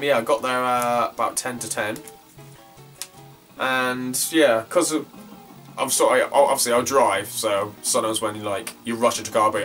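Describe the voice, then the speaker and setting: A man's voice: mid-range voice, a bit bright. A young man chatting casually about his retro game finds, rambling and swearing freely. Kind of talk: casual vlog chat. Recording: distant from the mic, faint guitar music behind.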